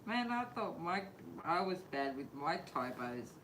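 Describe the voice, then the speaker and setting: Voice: medium pitch, unhurried. A co-host in easygoing, laughing banter during a casual live-stream chat. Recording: echoey room with steady noise.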